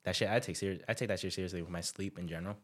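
Young man, low-ish voice, casual storytelling, slang, frequent laughter. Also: fairly even intonation, very fast. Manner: laid-back storytelling, slangy, laughs often. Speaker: podcast co-host. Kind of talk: casual chat among friends.

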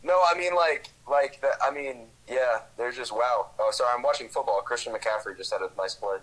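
A young man talks in a casual, laid-back way on a podcast. His voice is bright and forward, with a medium pitch. He rambles and hesitates as he works toward his point. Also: a little fast, low-quality recording. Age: young adult. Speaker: podcast guest. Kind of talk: casual chat.

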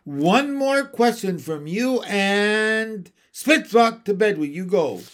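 A haughty, brisk nanny, put on by a man narrating a storybook, scornful and snappish. Her lines come out slow and deliberate. The pitch swings widely as she scoffs. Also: lively intonation, a bit bright, heavily acted.

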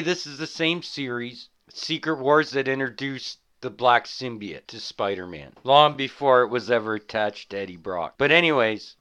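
A male podcast host in loose, casual chat. His voice is bright and forceful. He swears freely and talks like an excited fan. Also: mid-range voice, clean tone. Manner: swearing, enthusiastic comic-book fan.

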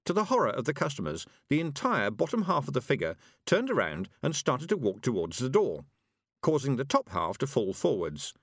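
Lively expressive male audiobook narrator. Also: medium pitch, moderate pace, no room sound. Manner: dry, expressive storytelling.

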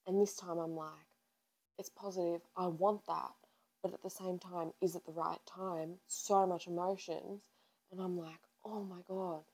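A woman's voice: fairly low pitch, steady tone, unhurried, darkish tone, rough recording. A woman in her twenties, co-hosting a podcast in casual chat and telling a personal story in a chatty way, acting out her own past lines. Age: 20s. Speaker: podcast co-host.

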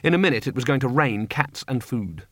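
A man reading an audiobook in steady scripted narration. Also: medium pitch, a little fast, no room sound, studio quality.

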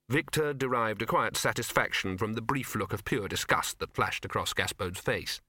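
A man reading a comic novel as an audiobook, in a measured, dry manner. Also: fairly low pitch, pushed and bright, dry recording. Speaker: audiobook narrator.

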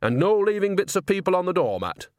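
Guy reading an audiobook doing a chirpy old witch lady, bossy and coaxing, voice pushed up high. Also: big pitch swings, quick pace, no room sound, clean studio sound. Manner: coaxing, motherly scolding.

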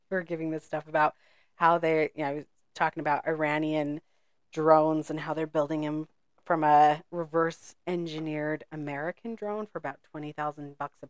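A woman co-hosting a podcast in casual chat, talkative and quick to laugh, wandering off into side notes. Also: low-pitched, dry recording, studio quality. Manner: chatty, laughs often, goes off on side notes. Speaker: podcast co-host.

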